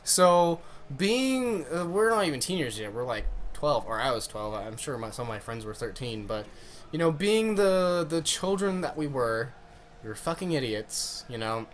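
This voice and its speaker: A man's voice: medium pitch, sing-song, normal speed, a little hiss or hum. A young man casually telling a funny story on his vlog, rambling and swearing as he goes. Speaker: vlogger.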